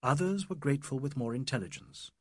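A man narrating a literary novel in a measured, scripted reading. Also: mid-range voice, animated, a little mellow, dry recording, studio quality. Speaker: audiobook narrator.

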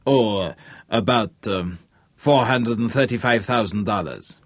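A man's voice: on the low side, unhurried, no room sound. A man voicing a nervous young man faking a German accent, hesitant and stiffly formal. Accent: put-on German.

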